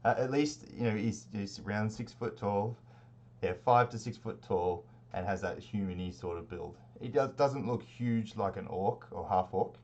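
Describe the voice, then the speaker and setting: A man narrates a tabletop game as game master, loose and rambling, with plenty of ums and restarts. His voice sits low. The stream audio is dull and lo-fi. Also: normal speed. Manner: relaxed, rambling narration with many fillers.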